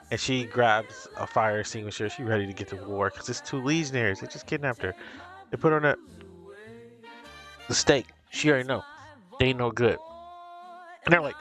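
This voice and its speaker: Male reviewer, mid-pitched, talks fast and excited, faint music underneath. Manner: excited recapping, many "like" fillers, acts out quotes. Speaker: show reviewer. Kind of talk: casual reaction review.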